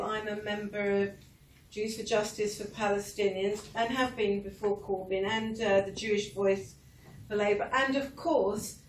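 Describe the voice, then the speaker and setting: A woman giving an earnest speech at a political meeting, building her points with wry asides. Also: a little high. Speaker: public speaker. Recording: echoey hall, mic from far off, faint noise.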